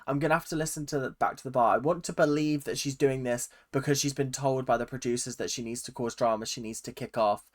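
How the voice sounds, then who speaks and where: A woman hosting a reaction video, ranting with animated exasperation and talking back at the screen. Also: a bass voice, fast talker, hardly any pauses.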